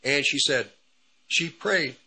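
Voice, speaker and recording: A man's voice: on the high side, slow, vocal fry, sharp tone, slightly rough, poor audio. A man hosting a radio ministry program, telling a personal testimony in a rambling, repetitive way. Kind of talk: testimony storytelling.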